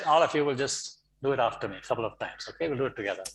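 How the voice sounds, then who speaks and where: A middle-aged man speaking over a video call as a guest speaker, coaxing his audience through a lively online session and often repeating words as he gets going. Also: medium pitch, rapid-fire, a little hiss or hum, low-quality recording. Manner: animated, coaxing, repeats words when starting. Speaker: guest speaker for teacher training. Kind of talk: online lecture leading laughter exercises.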